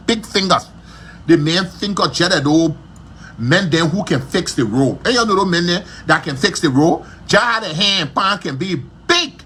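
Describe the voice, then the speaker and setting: A man's voice: on the high side, sharp tone, slight background noise. A man hosting a gossip livestream from his shop, talking in a scornful, repetitive way. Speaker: livestream host.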